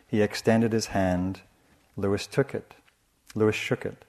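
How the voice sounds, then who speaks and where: A man giving a dharma talk as a meditation teacher, speaking softly and reflectively in a measured way. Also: lowish voice, steady tone. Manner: soft, measured and reflective, with frequent restarts.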